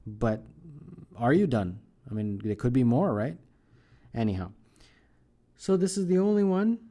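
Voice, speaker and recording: Mellow-voiced man tutoring math aloud. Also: medium pitch, lively intonation, measured pace. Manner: thinks aloud while working problems, often adds "right?".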